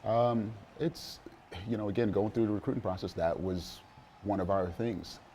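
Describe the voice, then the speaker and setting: A middle-aged man with a very low, warm, mellow voice, talking as a guest in a casual sit-down interview. He speaks at an easy pace, full of fillers and restarts. Faint noise sits under the recording. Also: moderate pace. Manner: relaxed, many fillers and restarts, chuckles. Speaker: interview guest, father of a college quarterback.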